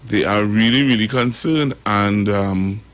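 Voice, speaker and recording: A man hosting a radio talk show, rambling and halting as he comments. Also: lowish voice, fairly bright tone. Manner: rambling, halting, full of fillers and restarts.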